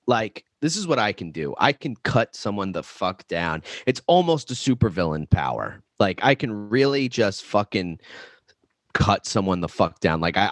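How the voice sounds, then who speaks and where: Low-voiced man telling a candid story. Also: no echo, studio quality. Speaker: podcast guest. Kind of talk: casual chat.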